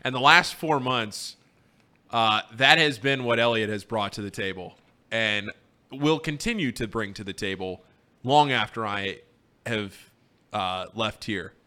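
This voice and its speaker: A man with a fairly low, pushed and bright voice hosts a casual sports radio show at an unhurried pace. He calls a race play-by-play and turns earnest and sincere when he looks back on his time there.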